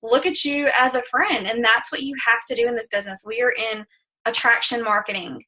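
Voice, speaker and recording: A woman's voice: on the high side, a little fast, pushed and bright. A woman hosting a team training call, encouraging and summing up the speaker's points.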